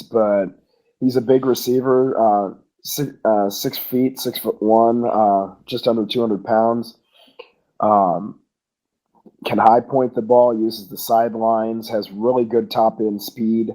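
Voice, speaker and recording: A man with a somewhat low voice, co-hosting a casual fan podcast. He talks in an earnest, analytical way, leaning on plenty of fillers and restarts. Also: fairly even intonation, measured pace, dark tone, low-quality recording. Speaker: podcast co-host.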